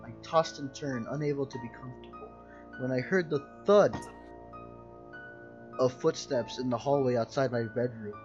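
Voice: mid-range voice, normal speed, pauses often, a little mellow, dull audio, faint music behind. A casual co-host reading scary internet stories aloud, stopping often to joke and laugh. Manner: giggly, interrupts himself to joke. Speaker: story reader, co-host. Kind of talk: casual comedic story reading.

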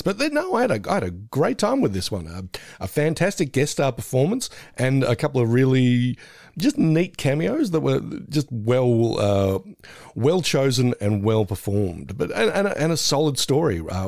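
A man's voice: mid-range voice, big pitch swings, normal speed, darkish tone, no room sound, clean studio sound. A middle-aged man co-hosting a podcast, chatting casually about an episode and laughing often. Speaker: podcast co-host. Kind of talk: casual chat reviewing an episode.

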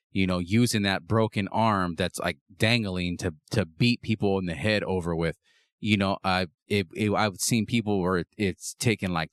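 A man hosting an interview, chatting casually with street slang and halting restarts. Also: sits low, dry recording. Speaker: podcast host.

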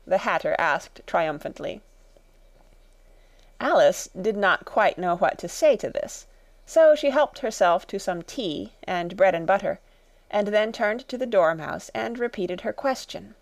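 A woman reading a classic storybook aloud as narrator, steady and expressive. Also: fairly low pitch, moderate pace, no room sound. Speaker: audiobook narrator.

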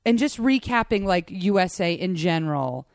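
Woman co-host, chatty and animated, casual sports talk, dry sound. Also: fairly low pitch, normal speed, no echo. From United States. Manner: chatty, animated, self-interrupting. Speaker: podcast co-host.

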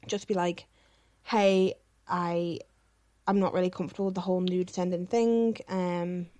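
Frank, sweary woman with a low voice. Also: steady tone, a little slow, mellow. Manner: frank and sweary, many fillers like "like" and "um". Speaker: podcast co-host reading listener questions. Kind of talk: casual chat.

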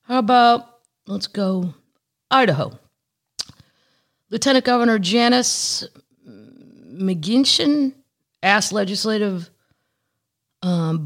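A woman from Missouri hosting a casual podcast, chatting and joking while reading news stories aloud. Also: medium pitch. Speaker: podcast host.

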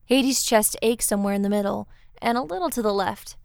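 Calm, clear-voiced woman storyteller. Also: medium pitch, brisk, no room sound, studio quality. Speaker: narrator. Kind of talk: scripted story narration.

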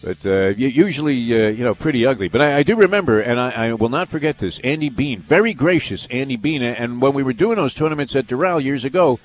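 A man's voice: mid-range voice, expressive, quick pace, few pauses, soft background music. A man hosting a sports radio show, telling long rambling stories with lots of fillers and restarts. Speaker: radio sports talk host. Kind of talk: casual storytelling on sports radio.

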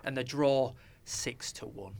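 A man's voice: mid-range voice, takes it slowly, vocal fry. A man hosting a casual betting podcast, wry and steering the talk. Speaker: podcast host.

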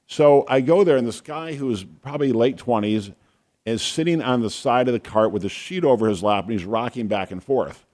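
A man co-hosting a talk show, chatting casually and telling a funny anecdote with deadpan humor. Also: medium pitch, moderate pace. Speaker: podcast co-host, doctor. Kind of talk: casual chat, storytelling.

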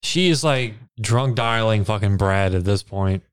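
A man's voice: fairly low pitch, animated, a little slow, smooth, no echo, studio quality. A man in casual chat, cracking jokes and chiming in with mock quotes of the characters. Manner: wisecracking, chimes in with mock quotes. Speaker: podcast co-host.

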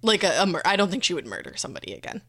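Animated woman co-hosting a podcast. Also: on the low side, very fast, vocal fry, breathy edge. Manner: animated, swears, acts out voices. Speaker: podcast co-host. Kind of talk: casual true-crime chat.

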